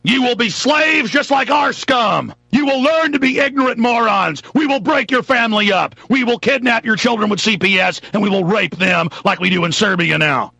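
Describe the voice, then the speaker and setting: A man voicing a sneering, menacing government tyrant who shouts threats with contempt. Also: very high voice, normal speed, creaky, few pauses, breathy edge, no echo, pitched above the performer's own voice, full character voice. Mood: menacing, shouting.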